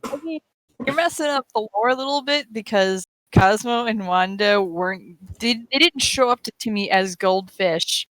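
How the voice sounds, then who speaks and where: A woman's voice: mid-range voice, moderate pace, a bit bright, no room sound, rough recording. A woman on a livestream, casually chatting and correcting details of the story. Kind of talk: casual group chat.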